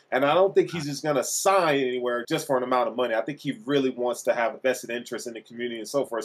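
A man co-hosting a sports podcast, ranting in an exasperated, emphatic way. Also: mid-range voice. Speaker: podcast co-host. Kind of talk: casual sports chat.

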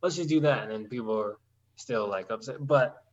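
A man's voice: mid-range voice, moderate pace, highs cut off. A man co-hosting a podcast in casual chat, talking in a rambling, sarcastic way with many restarts.

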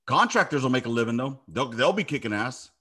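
A middle-aged man hosting a casual conversation as an army veteran. He talks in a plain, mid-pitched voice and drives every point home with blunt, profane emphasis. He drifts easily into stories told the same way. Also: lively intonation, brisk, sharp tone, breathy edge. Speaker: podcast host, army veteran. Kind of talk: casual chat.

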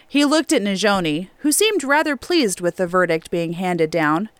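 A woman narrating an audiobook in a steady, even storytelling manner. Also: medium pitch, moderate pace, smooth, no echo. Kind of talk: scripted narration. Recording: clean dry studio recording.

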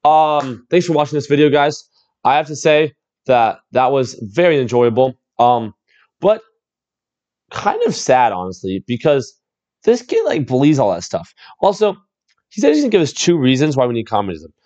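A man's voice: medium pitch, very animated, normal speed, darkish tone. Amused man commenting, lo-fi sound. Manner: amused, laughs often, repeats exclamations. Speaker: reaction video host. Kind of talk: casual reaction commentary.

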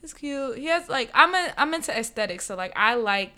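A woman's voice: a little high, lively intonation, fairly quick, sharp tone. A young woman telling a dating story in casual chat, talkative and full of fillers. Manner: chatty, storytelling, frequent "like" fillers.

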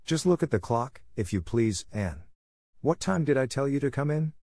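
A stern older spinster woman, brisk and tart as she scolds, as a male storybook reader puts her on. Her voice sits lowish and is recorded close and dry. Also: animated, a little mellow, dry recording. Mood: scolding.

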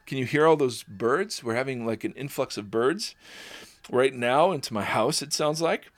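Informal male Bible teacher, mid-pitched, reads scripture then chats through it. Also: expressive, normal speed. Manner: informal, many fillers and restarts, laughs at own slips. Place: at home, birds audible.

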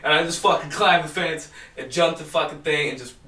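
A young man tells a rambling story among friends, swearing all the way through. His voice is bright and fairly high. He sounds far from the mic, and the room is echoey. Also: brisk. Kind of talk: casual chat.

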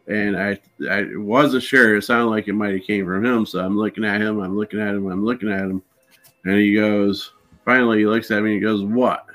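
A man telling his paranormal investigation stories in a relaxed, anecdotal way, acting out the dialogue. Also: fairly low pitch. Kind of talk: casual storytelling in an interview.

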